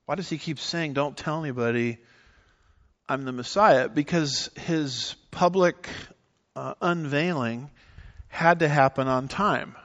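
A man's voice: on the high side, measured pace. Emphatic male preacher, slightly lo-fi. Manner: animated, emphatic teaching with scripture references. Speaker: pastor. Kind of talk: sermon.

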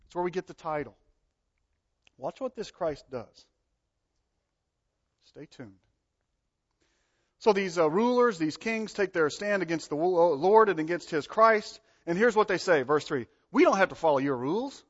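A man preaching a sermon, animated, acting out the voices he quotes and swinging between loud and soft. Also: high-pitched, unhurried, long pauses. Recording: dull lo-fi sound.

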